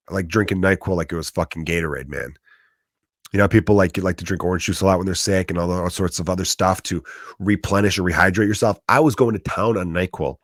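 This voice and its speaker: A deep-voiced man in his thirties with a Chicago accent hosts his podcast, recorded in clean studio sound with no echo. The comedian rants through a profane comedic monologue, acting out quoted voices.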